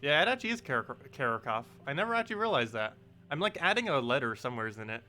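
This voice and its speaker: A man's voice: fairly high pitch, sing-song, very fast, pushed and bright, faint music behind. Laid-back chatty man streaming. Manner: laid-back, chatty, answers chat, laughs at own pronunciation. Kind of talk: casual live-stream chat.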